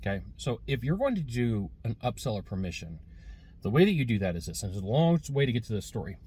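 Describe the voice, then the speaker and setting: A man's voice: medium pitch, big pitch swings, fast talker, mellow, husky. A man giving a casual, rambling sales lesson with many fillers and restarts, recorded while sitting in a car. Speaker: sales trainer.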